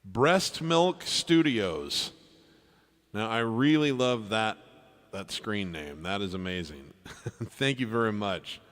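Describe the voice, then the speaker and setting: A man's voice: lowish voice, animated, slow pace, big-room sound. A man hosting a live music stream, chatting casually and thanking viewers by name as he reads their requests. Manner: friendly, thanks viewers by name, trails off softly. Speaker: livestream piano performer reading chat requests. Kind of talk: casual livestream chat.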